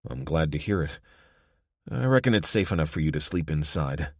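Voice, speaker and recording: A weary survivor answers in low, dry, clipped remarks, as a male narrator plays him close to his own voice. The recording is dry and intimate. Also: lively intonation, moderate pace, no room sound, exaggerated voice. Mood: laconic. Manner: laconic, dry.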